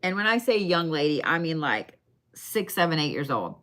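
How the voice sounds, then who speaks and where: A woman's voice: low voice, very animated, normal speed, fairly bright tone. A woman giving bone readings on a live stream in a casual, chatty way, swearing now and then and talking straight to her viewers. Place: her shop.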